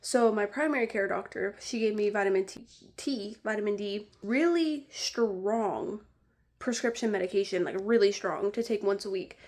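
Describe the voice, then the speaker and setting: A woman's voice: mid-range voice, moderate pace, a little mellow. A woman vlogger telling a story in a casual, rambling way, exasperated and leaning heavily on "like.". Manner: rambling and exasperated, heavy use of "like".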